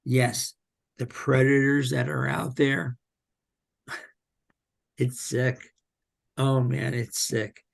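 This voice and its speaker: A man speaks slowly and haltingly in a candid interview, pausing often and reaching for words. His voice is gravelly with a husky edge. He comes across as a podcast guest opening up. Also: medium pitch, level tone. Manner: slow, halting, with many pauses and fillers.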